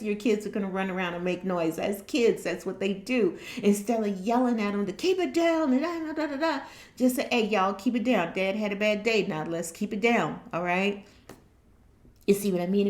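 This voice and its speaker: A woman's voice: mid-range voice, darkish tone, echoey room. A woman giving casual motivational life advice, acting out everyday dialogues and often checking in with her listeners. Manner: conversational, acts out little dialogues, checks in with "you know what I mean?". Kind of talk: casual motivational talk to camera.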